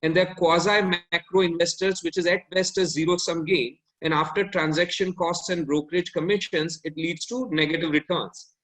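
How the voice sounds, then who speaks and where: Man, fund manager on a panel, high voice, analytical, roomy echo. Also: fairly even intonation, moderate pace, few pauses, a bit bright. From India. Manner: analytical, self-correcting mid-sentence. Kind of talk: explanatory panel talk.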